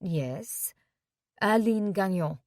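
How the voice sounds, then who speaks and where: A woman's voice: mid-range voice, expressive, very slow, darkish tone, dry recording, clean studio sound. A woman voicing a polite, emotional middle-aged French mother who speaks formal English with a French accent.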